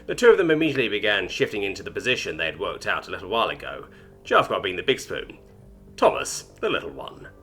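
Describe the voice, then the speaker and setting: A man narrating a science fiction story in an expressive, scripted reading. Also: deep voice, fast talker, husky, soft background music.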